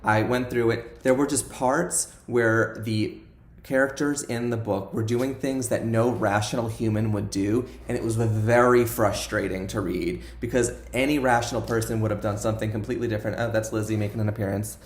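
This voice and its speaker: A man talking casually in a reading vlog, chatty and expressive, swearing freely. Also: lowish voice, moderate pace. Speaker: book vlogger.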